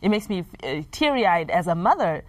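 Earnest low-voiced woman reflecting. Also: very animated, normal speed, no room sound. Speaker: podcast co-host. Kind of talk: casual chat.

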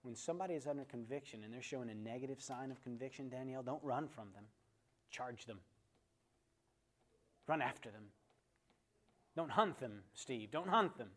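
A man's voice: medium pitch, moderate pace, pauses often, a bit bright. Man teaching a conversational Bible lesson. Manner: storytelling, asks the class questions, calls on people by name.

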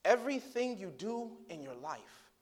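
This male pastor speaks a little slowly but is very animated. His sermon opens with a hushed, low-voiced story and swells into passionate, loud preaching packed with rhetorical questions to the congregation.

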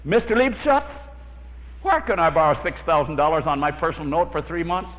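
A man's voice: a little high, steady tone, fast talker, fairly bright tone. A man preaching a sermon, telling a personal prayer story with dramatic storytelling and acting out his own prayers. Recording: lo-fi hall recording with long reverb.

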